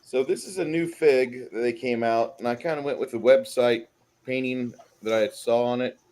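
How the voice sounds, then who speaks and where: A man's voice: medium pitch, moderate pace, darkish tone. Regular guy chatting about his hobby, kinda modest, mid voice. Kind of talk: casual show-and-tell chat.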